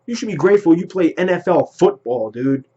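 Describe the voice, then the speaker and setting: A fired-up man vents as a football fan, swearing freely and firing off complaints in quick bursts. His voice sits somewhat high. The sound is muffled and lo-fi. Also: expressive, mellow, breathy edge. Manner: heated, profane, rapid-fire ranting. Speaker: sports vlogger. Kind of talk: ranting fan commentary. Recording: lo-fi home recording.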